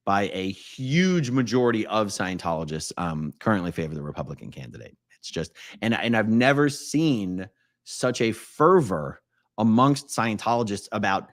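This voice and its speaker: A man's voice: low-pitched, no room sound, studio quality. A man hosting a casual live stream, rambling and self-correcting as he reads viewer comments, often laughing.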